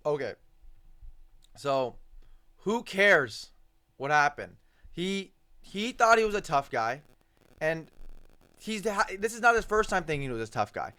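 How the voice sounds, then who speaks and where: A man's voice: sits high, a bit bright, no echo, studio quality. A man giving heated, profanity-laced reaction commentary on sports news, repeating himself for emphasis. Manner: profane, ranting, repetitive emphasis.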